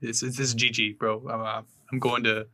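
A man's voice: medium pitch, level tone, normal speed, sharp tone, slight background noise. A young man co-hosting a podcast, joking offhandedly in casual chat. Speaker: podcast co-host.

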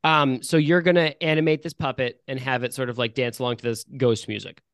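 A man's voice: medium pitch, fairly even intonation, fairly quick, a bit bright, no echo, clean studio sound. A man running a tabletop game as game master, narrating scenes in a playful, easygoing way.

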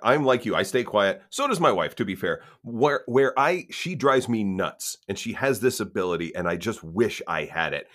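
Wry, low-voiced man telling stories. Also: animated, moderate pace, few pauses, fairly bright tone. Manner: wry, anecdotal storyteller. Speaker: podcast co-host. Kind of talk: casual chat.

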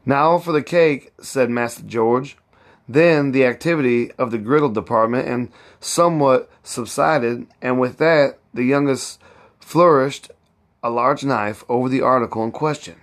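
A man reading a novel aloud at a slow, careful pace. He is an amateur who halts at times and corrects his own slips as he goes. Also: mid-range voice. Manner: halting, with slips and self-corrections. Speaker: amateur reader.

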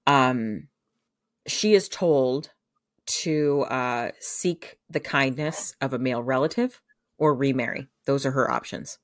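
Speaking slowly in a rumbling low voice, a woman retells a show's plot on a podcast, rambling with plenty of filler words and laughing through it. There's no room sound; the audio is clean studio quality.

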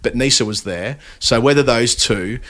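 A man co-hosting a cricket podcast, talking in a measured, analytical way. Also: mid-range voice, a bit bright. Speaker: podcast co-host. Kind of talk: casual cricket chat.

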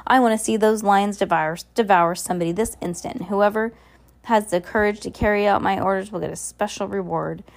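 A man's voice: sits high, steady tone, fairly quick, creaky. Commanding villain count in a storybook, roars orders, woman reading him. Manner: roaring commands. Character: scheming villain count, male, theatrical and commanding.

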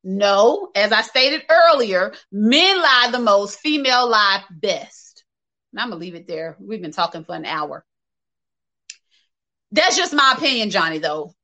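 A woman's voice: medium pitch, animated, measured pace, bright, forceful tone, rough recording. A woman hosting a casual livestream, reading viewer comments and talking candidly and directly to her viewers, laughing often. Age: adult, working age.

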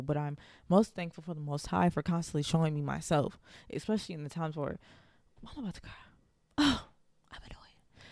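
A woman's voice: deep voice, warm tone, dry recording, clean studio sound. A young woman hosting her own podcast, talking earnestly and encouragingly in a casual monologue. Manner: earnest, encouraging, faith-filled. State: out of breath. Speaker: podcast host.

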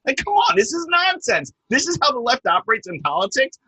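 Scornful, lively young man on a podcast. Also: extremely high pitch, brisk, few pauses, a little hiss or hum, poor audio. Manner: emphatic, scornful, rising to sharp peaks. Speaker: political talk show host. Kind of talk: heated political chat.

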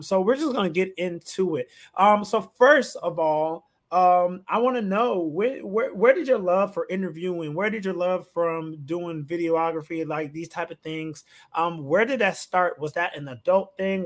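A man hosting a podcast, chatting casually with his guest and jumping in with excited interjections. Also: high voice. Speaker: podcast host.

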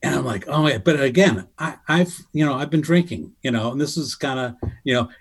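A middle-aged man telling a lively story in casual chat, acting out what people said in a higher voice. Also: a little fast, husky. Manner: animated, acts out quotes in a higher voice. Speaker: guest storyteller. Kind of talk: casual anecdote on a podcast.

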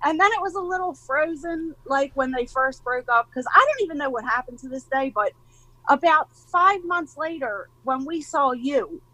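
A woman in her forties, mother of young skateboarders, chats as a guest in a casual interview, her high, bright voice at normal speed. She tells stories animatedly, acting out other people's lines and laughing easily. The recording is close and dry, with no echo or room sound, but low in quality.

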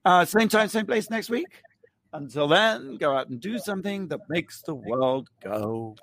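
An animated man hosting a pop-culture chat, playful and campy in his storytelling. His voice sits a little high. The sound is dry and close. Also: unhurried, no room sound. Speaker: podcast co-host.

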